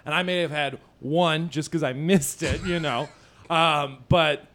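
Brief: male comedian host, casual storyteller, laughs a lot, a bit high-pitched. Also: steady tone, measured pace, fairly bright tone. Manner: laughs often, acts out voices in stories. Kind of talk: casual chat.

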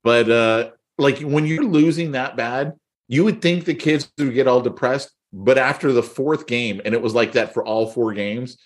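A man's voice: mid-range voice, normal speed. A middle-aged man co-hosting a podcast, casually telling stories with lots of laughter. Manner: laughing, animated storyteller. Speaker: podcast co-host. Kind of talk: casual chat, storytelling.

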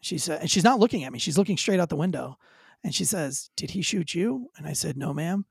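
A man, a former police officer, telling a dramatic story with high energy as an interview guest, acting out quoted lines. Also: quick pace, creaky, husky, no room sound.

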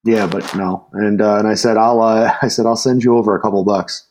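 A man with a fairly low voice hosts a laid-back podcast chat. He tells long, meandering stories, circling back on himself and chuckling along the way. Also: steady tone, a little fast, darkish tone, a little hiss or hum, poor audio. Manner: rambling storyteller, restarts often, chuckles. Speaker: podcast host.

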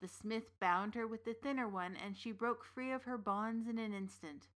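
A woman playing an old witch who narrates a folktale in a measured, deliberate way. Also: a little high, fairly bright tone, close to an everyday voice. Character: old witch storyteller, knowing and dry. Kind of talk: scripted storytelling narration.

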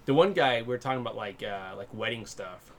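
A man's voice: fairly low pitch, expressive, fairly quick, crowd noise. A man in casual profane podcast chat, telling loose stories with frequent laughs. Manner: laughing, loose storytelling, heavy swearing.

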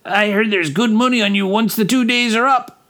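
A man's voice: high-pitched, a little fast, pushed and bright, voice pushed up. A man voicing a greedy male dice player who sniggers.

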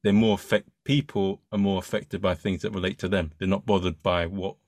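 A male interviewer asking long, halting, loosely phrased questions in a casual chat. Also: deep voice, steady tone, darkish tone, no room sound, clean studio sound. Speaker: podcast host, interviewer.

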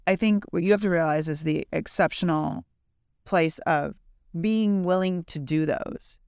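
A woman's voice: lowish voice, measured pace, darkish tone, clean tone, no room sound, studio quality. A woman co-hosting a podcast, chatting casually, teasing her guest and thinking aloud in loose run-on sentences. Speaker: podcast co-host. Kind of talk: casual interview chat.

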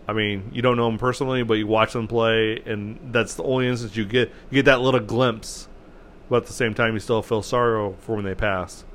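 A man hosts a solo sports podcast in a loose, unscripted way. He rambles through his points, restarts sentences and keeps clearing his throat. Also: fairly low pitch, a bit bright, slight background noise. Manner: rambling, self-correcting, frequent throat clearing. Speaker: podcast host.

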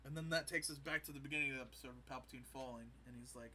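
A man with a very bright, sharp voice talks through an episode recap in a loose, rambling way. He jumps into quoted lines as he goes, keeping it casual, at a middling pitch. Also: rapid-fire, a little hiss or hum, poor audio. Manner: rambling storytelling, acts out quotes. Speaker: podcast co-host.

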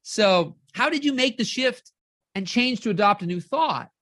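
A woman life coach giving an energetic live-streamed motivational talk, keeps checking in with her audience and acts out inner voices. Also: fairly high pitch, moderate pace, no echo, clean studio sound.

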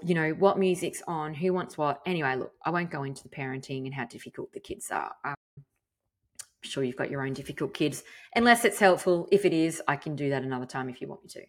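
An Australian woman hosting a podcast, telling a personal story in a chatty, candid way with the odd casual swear. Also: low voice. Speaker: podcast host.

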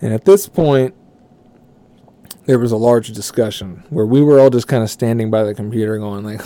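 A man's voice: on the low side, fairly even intonation, normal speed, warm tone. A man telling a profane work story casually, rambling and correcting himself as he goes. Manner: rambling, swearing, self-correcting.

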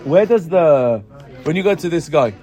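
A man teaching a Gemara class, explaining and checking with his students with frequent "right?" questions and halting restarts as he reads the text. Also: on the high side, animated, a little mellow. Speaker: Talmud teacher. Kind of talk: Gemara class mixing English and Hebrew terms.

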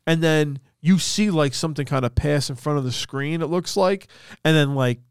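A man's voice: a little high, normal speed, clean tone, no room sound, studio quality. A man with a New Jersey accent, co-hosting a podcast and telling a story in casual, profane chat full of "like" fillers. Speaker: podcast co-host.

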